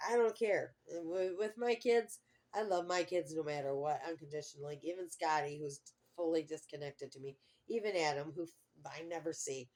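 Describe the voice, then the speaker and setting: A woman's voice: low-pitched, a little mellow. A middle-aged woman talking to her camera in a casual personal vlog, rambling and heartfelt, often trailing off mid-thought. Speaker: vlogger.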